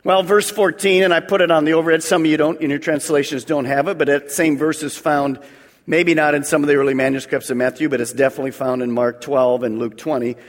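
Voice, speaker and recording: Animated high-voiced preacher in a reverberant hall. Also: male voice, fast. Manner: animated preaching, acting out voices, call-and-response with the congregation. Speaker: pastor. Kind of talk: sermon. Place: church sanctuary.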